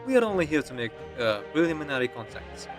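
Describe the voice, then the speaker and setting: A man doing a calm older official with a French accent. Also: a little high, quick pace, music in the background. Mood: reassuring. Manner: put-on French accent, reading game dialogue aloud. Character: older male official, calm and dryly patient.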